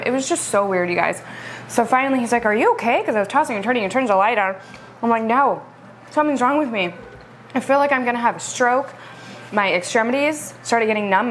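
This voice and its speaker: A young woman telling a personal story to the camera in a casual, chatty vlog, animated and laughing between bites. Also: a little high, a little hiss or hum. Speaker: vlog co-host.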